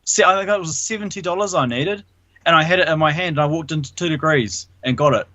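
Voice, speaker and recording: A man's voice: on the high side, quick pace, sharp tone. A man, a guest on a radio chat, eagerly telling protest stories with lots of "like". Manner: eager, laughs often, fillers like "like". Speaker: radio show guest, activist. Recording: dull lo-fi line, dry.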